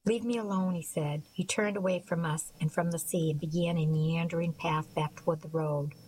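A woman reading a novel aloud as a volunteer radio reader, in an even, unhurried way with small slips. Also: sits low, slight background noise, rough recording.

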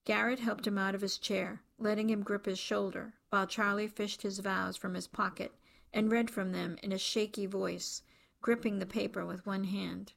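A woman reading a novel aloud as an audiobook narrator, in even, measured storytelling. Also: medium pitch, creaky. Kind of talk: scripted narration.

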